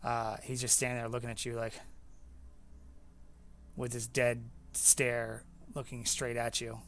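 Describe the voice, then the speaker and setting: A man's voice: mid-range voice, completely flat delivery, unhurried, a bit bright. Young male game master, casual narration, filler-heavy, mid-range voice.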